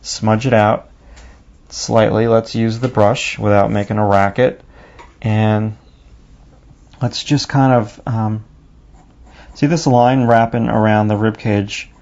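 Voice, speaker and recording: Male drawing instructor, gravelly, thinks aloud while sketching, muffled lo-fi sound. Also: fairly low pitch, fairly even intonation, a little mellow. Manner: unhurried, talks himself through each stroke while drawing. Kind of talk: step-by-step drawing lesson. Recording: dull lo-fi recording.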